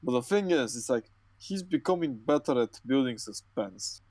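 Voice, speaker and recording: A man's voice: mid-range voice, expressive, normal speed, darkish tone, dry recording. A tired young man co-hosting a podcast, ranting and swearing with stumbling restarts. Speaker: podcast co-host. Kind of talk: casual chat.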